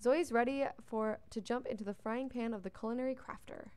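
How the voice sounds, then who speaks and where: Narrating gameplay in a casual, chatty way, this young woman speaks briskly in a fairly high, slightly mellow voice. She chats with the on-screen characters and keeps yawning. The sound is clean, with no room noise.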